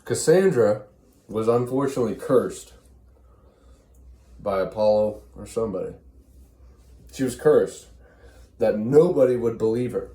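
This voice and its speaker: A man's voice: lowish voice, measured pace, pauses often, warm tone, roomy sound. A man giving a rambling, crude comedic retelling of a classic play while chewing gum. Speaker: storyteller.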